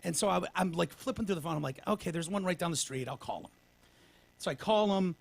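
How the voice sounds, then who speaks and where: Fields: Sex: man. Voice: gravelly, husky. Style: rambling podcast storyteller. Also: sits high, quick pace. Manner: rambling storyteller, swears freely, restarts often. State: recovering from pneumonia, winded. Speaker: podcast host. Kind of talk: casual podcast chat.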